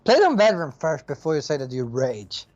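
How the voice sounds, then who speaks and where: Halting, question-asking man on a dull mic. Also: on the high side, big pitch swings, a little mellow, soft background music. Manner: halting, searching for words, asks lots of questions. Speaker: podcast co-host. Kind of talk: casual chat.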